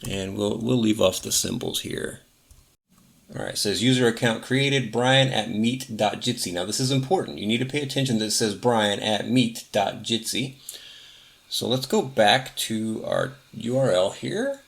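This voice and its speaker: Male tutorial host, low and gravelly, relaxed step-by-step narration. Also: moderate pace. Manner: casual, self-correcting, narrates clicks step by step. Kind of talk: screen-recorded software walkthrough.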